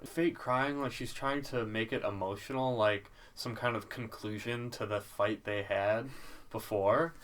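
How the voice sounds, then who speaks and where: A man's voice: fairly low pitch, steady tone, measured pace, a bit bright. Blunt, sarcastic man on a podcast. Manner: blunt, sarcastic, swears freely. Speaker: podcast co-host. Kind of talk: casual recap chat.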